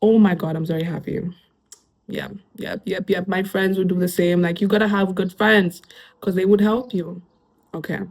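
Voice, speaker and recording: A woman's voice: fairly low pitch, steady tone, moderate pace, darkish tone. A young woman from Kenya with a Kenyan accent, a YouTuber reading online posts aloud and chatting about them casually. She laughs often and drops Swahili slang into her talk.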